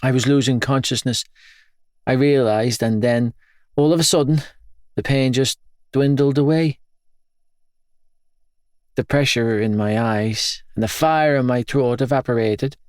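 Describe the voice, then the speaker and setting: Slow, grave male audiobook narrator. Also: medium pitch, darkish tone, no echo, clean studio sound. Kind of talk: first-person audiobook narration.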